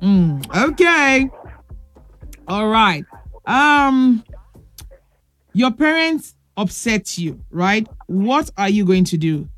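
A woman's voice: mid-range voice, big pitch swings, very slow, long pauses, dry recording, faint music behind. A woman hosting a children's radio call-in show, playful and teasing, laughing often and calling the callers pet names. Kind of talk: lively radio call-in chat.

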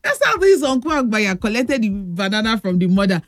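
Nigerian lady hosting call-in radio, fond and chatty, kinda high voice, dry sound. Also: big pitch swings, brisk, no room sound. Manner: affectionate, storytelling with sung bits. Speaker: radio show host.

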